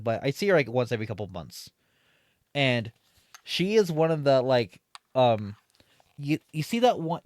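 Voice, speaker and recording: A streamer casually tells a long story from his retail job, rambling with lots of fillers and restarts. His voice is mid-range, with no room sound.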